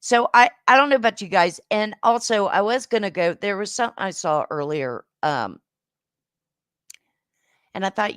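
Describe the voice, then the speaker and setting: A woman hosting a livestream game show, chatting casually with viewers and giving rambling, affectionate shout-outs with lots of fillers. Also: medium pitch, lively intonation, moderate pace, no echo, studio quality.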